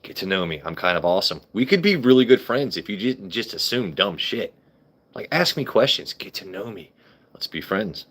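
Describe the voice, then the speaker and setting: Man, deep low voice, live stream host, joking, swearing, chatting with viewers. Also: big pitch swings, normal speed, a bit bright. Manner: joking, swearing, talks back to chat. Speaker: livestream host. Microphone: phone camera.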